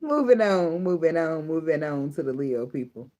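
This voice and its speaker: A woman's voice: deep voice, very animated, normal speed, warm tone. A woman giving a casual tarot reading, blunt and profane, often breaking into laughter. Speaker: tarot reader.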